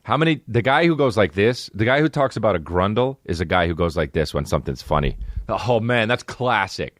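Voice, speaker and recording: A man's voice: fairly low pitch, quick pace, dry recording, clean studio sound. A man hosting his own podcast, rambling and cursing casually through a monologue, slipping into mocking voices. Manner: profane, rambling, jumps into mocking put-on voices. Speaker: podcast host.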